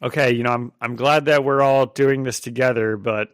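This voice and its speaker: A man reading an impatient teen boy complaining, plain read-aloud, middle pitch, dry sound. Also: steady tone, normal speed, no echo, natural voice.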